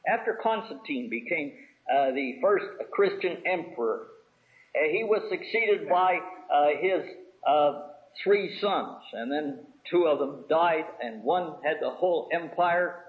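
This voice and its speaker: A man preaching an expository sermon in a measured, explanatory way, pausing often with "uh". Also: fairly high pitch, expressive. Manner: measured, explanatory, with frequent "uh" pauses. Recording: tinny phone-like recording.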